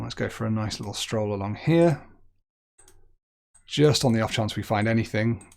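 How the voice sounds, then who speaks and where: A man's voice: lowish voice, creaky. A young man streaming a geography guessing game, chatting as he thinks aloud and making light of his own mistakes. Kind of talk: gaming commentary.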